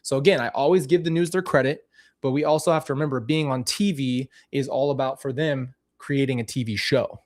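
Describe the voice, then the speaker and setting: A man's voice: medium pitch, fairly quick, darkish tone. A man talking casually and candidly to camera as a vlogger, commenting on old clips of himself with frequent restarts.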